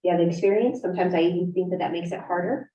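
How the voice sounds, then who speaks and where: A woman instructor with a low, mellow voice talks plainly and down-to-earth on a panel. She is caught from across an echoing event room, and the sound is dull and distant. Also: fairly even intonation, quick pace. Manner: frank, conversational, down-to-earth. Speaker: graduate program instructor. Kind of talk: panel talk at a career event.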